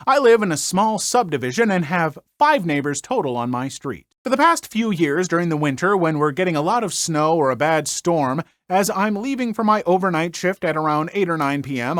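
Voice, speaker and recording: A man from northern Minnesota reading online stories aloud and breaking off for animated, jokey commentary as a podcast host. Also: high voice, no room sound, studio quality. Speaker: story narrator and podcast host.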